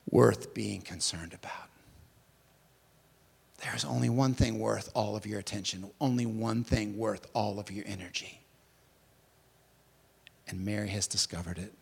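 A male pastor delivering an impassioned sermon at a church service, swinging from hushed to emphatic. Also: lowish voice, fairly even intonation, normal speed, gravelly, slightly rough, long reverb tail.

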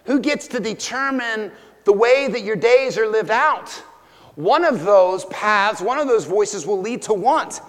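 High-voiced pastor preaching in a reverberant hall. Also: male voice, expressive, unhurried, fairly bright tone. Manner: conversational, storytelling with direct questions to listeners. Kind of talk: sermon.

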